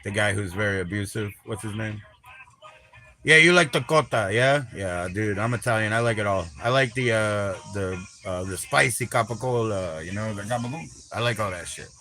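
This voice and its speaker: Man, livestream host, bright tone, crude rambling chatter, teasing, heavy swearing. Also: fairly low pitch, moderate pace. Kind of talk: rambling live-stream chat.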